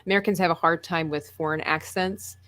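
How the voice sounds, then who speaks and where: A woman co-hosts a podcast in relaxed, easy chat. Her voice sits a little low, and she talks freely and laughs often. The sound is close and dry, with no room around it. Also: fairly quick, no echo. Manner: chatty, laughs easily. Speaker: podcast co-host. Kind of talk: casual chat.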